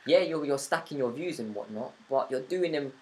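A man's voice: medium pitch, animated, moderate pace, a little mellow, rough recording. A man, hosting a podcast interview in a reflective, earnest way with long flowing points. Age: 20s. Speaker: podcast host. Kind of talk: casual interview chat.

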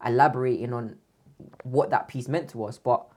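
A man's voice: mid-range voice, steady tone, moderate pace, slight background noise. A man hosting an interview podcast, rambling and correcting himself as he goes. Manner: rambling, restarts, self-correcting. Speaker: podcast host. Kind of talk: casual interview.

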